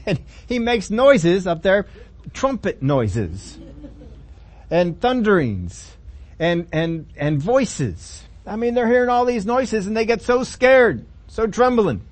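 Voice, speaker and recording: A man's voice: high-pitched, big pitch swings, slow pace. A man preaching a sermon in a folksy, humorous storytelling manner, voicing the people in the story as he goes. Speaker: pastor.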